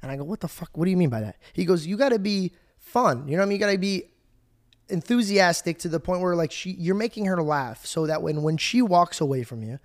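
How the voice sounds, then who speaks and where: A man hosting a podcast, telling a story in a casual, animated way, laughing often and acting out scenes. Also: on the high side. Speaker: podcast host.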